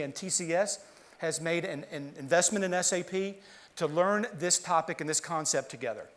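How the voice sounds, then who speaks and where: A man from the southern US with a light Southern twang and a slightly high voice. He presents to a conference audience on stage in a relaxed, conversational way, restarting sentences as he explains. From southern United States. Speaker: partner manager presenting at a conference.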